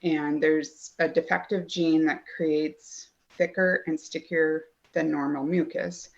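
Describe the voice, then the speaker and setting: A low-pitched middle-aged woman with a gravelly edge to her voice, telling her story as a guest in earnest detail. The recording sounds dull and lo-fi. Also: steady tone, takes it slowly. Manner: earnest, detailed storyteller who acts out quoted dialogue. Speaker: guest, mother of a child with a chronic illness. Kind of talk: personal storytelling in a podcast interview.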